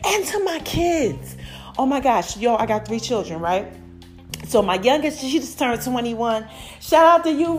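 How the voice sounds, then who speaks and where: A woman in her forties hosting her own podcast, talking casually and animatedly, giving shout-outs to listeners. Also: on the high side. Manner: animated, chatty, calls listeners "y'all" and "baby". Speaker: podcast host. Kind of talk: casual monologue.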